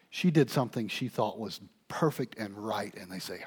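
Husky preacher man, loud and soft swings. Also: lowish voice, normal speed, hardly any pauses. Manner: swings from quiet to loud, animated storytelling. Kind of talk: sermon.

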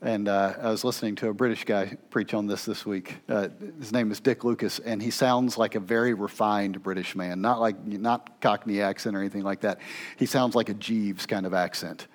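A man preaching a sermon as pastor, with dramatic swings between loud intensity and hushed near-whispers. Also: fairly low pitch, fairly even intonation, moderate pace.

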